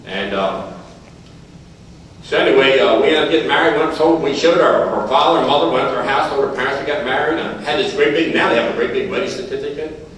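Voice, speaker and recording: A man's voice: mid-range voice, fast, a bit bright. An older man telling folksy stories at a recovery meeting, repeating phrases and chuckling as he goes. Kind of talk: storytelling speaker's talk at a meeting. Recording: very echoey hall, heard from far off.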